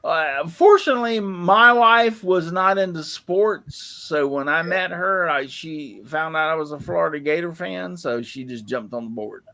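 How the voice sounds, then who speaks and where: A man's voice: fairly high pitch, measured pace, creaky, hardly any pauses, pushed and bright. A man hosting a casual panel chat, rambling and enthusiastic as he reacts to viewers' woodwork. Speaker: show host. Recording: live online panel show.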